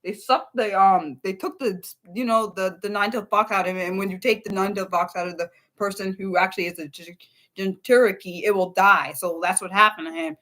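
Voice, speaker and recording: Animated swearing woman streamer. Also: fairly quick. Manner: animated, swears freely, rambles with restarts; jumps high in pitch for quoted outbursts. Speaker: livestream host. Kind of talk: casual unscripted livestream chat.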